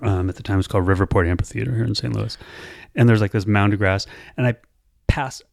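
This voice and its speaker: A man's voice: on the low side, fast talker, gravelly, a little mellow, no echo, clean studio sound. A man hosting a podcast, chatting casually, telling stories and laughing often. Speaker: podcast host. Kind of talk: casual chat.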